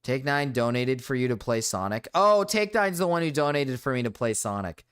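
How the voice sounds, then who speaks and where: A male streamer talking off the cuff in a casual, rambling style, with plenty of fillers and blunt profanity. His pitch sits in the middle of the range but swings around a lot as he talks. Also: big pitch swings, moderate pace, a bit bright, clear, resonant tone. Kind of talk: casual livestream chat.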